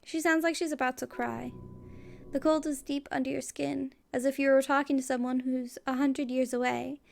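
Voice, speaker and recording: High, gravelly woman reading game text. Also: level tone, moderate pace. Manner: casual, wry asides. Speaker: let's play gamer.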